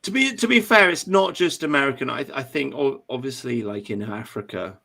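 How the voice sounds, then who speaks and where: A man's voice: medium pitch, lively intonation, a little fast, gravelly, pushed and bright. Emphatic English male stream host. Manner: emphatic, ranting, with repeated restarts. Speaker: livestream host. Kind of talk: casual political chat.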